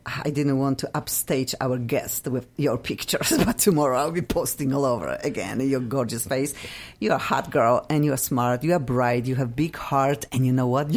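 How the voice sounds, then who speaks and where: A woman hosting a live radio talk show, effusive and excitable, talking with bursts of laughter from a radio studio. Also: very deep voice.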